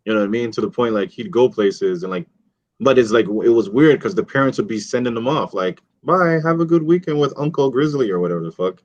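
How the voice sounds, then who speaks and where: A man's voice: lowish voice, fast talker, a little mellow. A man hosting a casual podcast, telling loose profane stories full of fillers. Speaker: podcast host. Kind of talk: casual chat. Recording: dull, dry, lo-fi audio.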